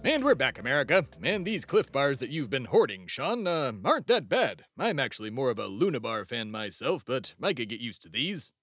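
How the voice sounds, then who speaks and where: A man's voice: mid-range voice, sing-song, normal speed, hardly any pauses, a bit bright, soft background music. A young man from Texas hosting a satirical comedy podcast, rambling and stumbling in a mock-pompous rant. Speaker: podcast host.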